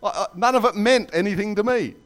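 A man preaching a sermon in a church, telling jokes and stories with lively asides. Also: high-pitched, fairly quick. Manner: animated storytelling with jokes and asides. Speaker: pastor.

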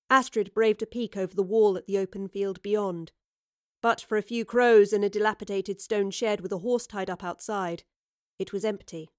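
A woman's voice: medium pitch, no echo. Woman narrating an audiobook, dry studio sound. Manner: measured storytelling. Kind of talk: scripted narration.

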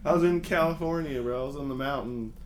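A young man telling a rambling story in casual, profane talk, animated when he acts out the scenes. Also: medium pitch, fast, heavy background noise. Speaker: podcast guest.

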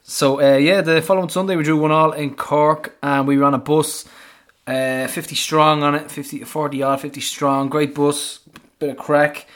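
A man's voice: on the high side, steady tone, moderate pace, a bit bright. A man hosting a casual podcast among football fans, chatty and rambling, laughing often. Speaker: podcast host. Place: pub.

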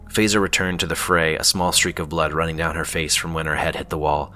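A man reads a fantasy story in a measured, steady manner. His voice is very deep but bright and forward. Faint music runs underneath. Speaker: narrator. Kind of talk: scripted fantasy narration.

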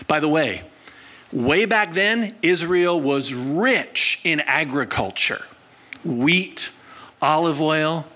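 A man preaching a sermon in a bright, forceful voice pitched a little high. He tells stories with energy, acts out the people in them, and calls on his congregation to answer back. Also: takes it slowly. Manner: animated storyteller, acts out quoted people. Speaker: pastor.

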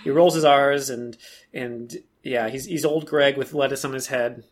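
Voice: mid-range voice, fairly even intonation, moderate pace. A podcast co-host chatting casually about a film, rambling and repeating words as thoughts form. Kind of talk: casual comedic chat reviewing a film.

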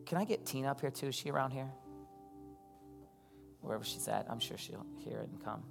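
Guy pastor giving a sermon, chatty storytelling, big echoey hall, soft keys behind. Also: medium pitch, a little fast, vocal fry, music in the background. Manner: conversational storytelling, asks the crowd questions. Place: church hall.

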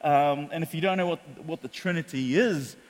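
New Zealand pastor preaching in a hall. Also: male voice, on the high side, normal speed. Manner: animated storytelling, acts out quotes. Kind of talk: sermon.

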